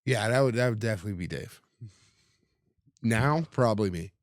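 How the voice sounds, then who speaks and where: A man chatting as a podcast guest, telling stories in a laid-back way with halting restarts. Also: fairly low pitch, lively intonation, no room sound, studio quality. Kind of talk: casual chat.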